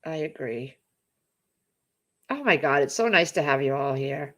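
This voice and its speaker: A middle-aged woman hosts a casual livestream, chatting warmly with her viewers. She reads out their comments and gushes over them, rambling from one thought to the next. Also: deep voice, expressive, a little slow. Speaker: livestream host.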